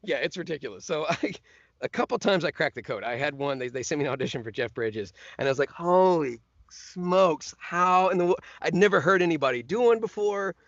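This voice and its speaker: Male voice actor, lively storyteller, fairly high voice, muffled dry recording. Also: fast, dry recording. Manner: animated, slips into voices and laughs while telling stories. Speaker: voice actor guest. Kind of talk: casual storytelling chat.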